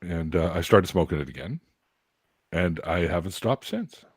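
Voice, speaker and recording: Lively canadian guy in his 40s, low voice, swoopy pitch, laughs and does voices while telling stories, dry sound. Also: moderate pace, breathy edge, no echo. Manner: animated, laughing storyteller who acts out voices. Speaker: guest. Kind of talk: casual storytelling chat.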